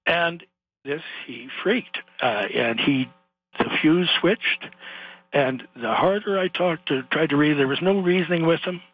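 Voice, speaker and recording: An older Canadian man calling in to a radio show, telling a long story in a rambling, animated way with laughs along the way. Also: a little high, measured pace, husky, soft background music. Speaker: caller. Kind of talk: phone-in storytelling. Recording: muffled phone line.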